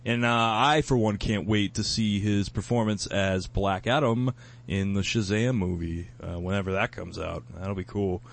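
A man hosting a podcast in casual chat, easygoing and quick to laugh, steering the conversation onward. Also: fairly low pitch, fairly even intonation, gravelly. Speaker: podcast host.

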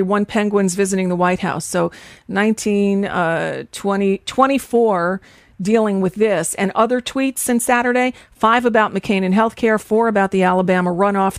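A woman's voice: medium pitch, no echo, studio quality. A woman co-hosting a casual political chat show, talking conversationally and restarting as she reads tweets. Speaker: podcast co-host.

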